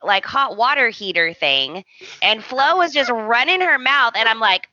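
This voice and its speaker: A woman co-hosting a casual podcast, recapping a soap opera in a sassy, animated way and laughing often. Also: on the high side, unhurried, no room sound, dull audio. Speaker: podcast co-host.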